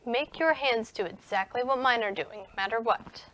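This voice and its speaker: A young woman teaching a recorded music lesson to young children, gentle and encouraging. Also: fairly high pitch, slight background noise. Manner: gentle and encouraging, speaks slowly to young children, sings and whispers in parts.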